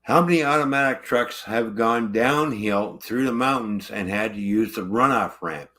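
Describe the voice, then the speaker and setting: A man's voice: on the low side, moderate pace, bright, forceful tone. A truck driver ranting angrily about his truck, swearing constantly in casual livestream talk.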